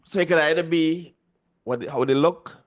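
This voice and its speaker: Over a video call, a man with a Trinidadian accent teaches a language class, patiently repeating sounds so his students can echo them. His voice is fairly high-pitched and moves at a moderate pace.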